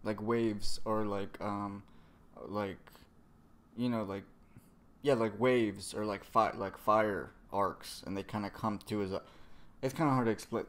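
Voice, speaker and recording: A man casually recapping a comic chapter, rambling, cursing a lot and trailing off into fillers. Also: fairly low pitch. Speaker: manga reviewer.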